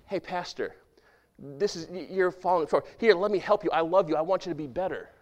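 A man preaching to his congregation, with a voice pitched a little above most men's. He keeps a casual, conversational tone and tosses questions out to the listeners. When he quotes prayers or scripture, he sinks into a quiet, hushed voice. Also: fairly quick. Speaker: pastor. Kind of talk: sermon.

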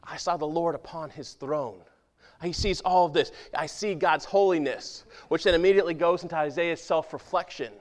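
A man preaching a sermon as pastor, talking conversationally and asking his congregation questions, dropping to a hushed voice for quoted prayers and scripture. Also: fairly high pitch, moderate pace. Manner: drops to a hushed voice when quoting prayers and scripture.

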